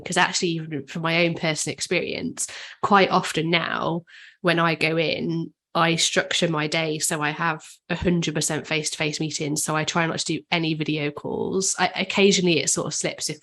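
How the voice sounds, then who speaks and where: A woman's voice: deep voice, fairly bright tone. A woman co-hosting a podcast in casual discussion, hedging and thinking aloud with lots of "sort of.". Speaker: podcast co-host.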